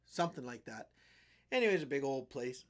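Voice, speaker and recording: A man's voice: medium pitch, brisk. A middle-aged man from western Canada telling a rambling story on his live stream, acting out what people said. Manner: rambling, animated storyteller who acts out quotes.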